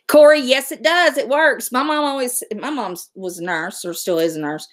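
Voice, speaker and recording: A woman's voice: on the high side, moderate pace, hardly any pauses. A middle-aged woman, hosting a casual livestream, chatting and answering viewer comments. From West Virginia, USA. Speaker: livestream host.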